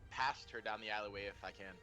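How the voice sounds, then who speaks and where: A man's voice: on the low side, fairly even intonation, fast, music in the background. A man playing a tabletop game, eager and stammering as he declares his moves. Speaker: player.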